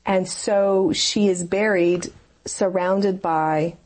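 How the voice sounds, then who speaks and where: Breathy woman telling a personal story. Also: fairly low pitch, fairly even intonation, slow pace, a little mellow. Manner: earnest, rambling storytelling with many fillers. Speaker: interview guest. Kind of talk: personal faith testimony in conversation.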